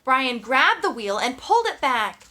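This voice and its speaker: Woman narrating a tense story, bright sharp voice. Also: high-pitched, very animated, unhurried. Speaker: audiobook narrator. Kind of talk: scripted narration.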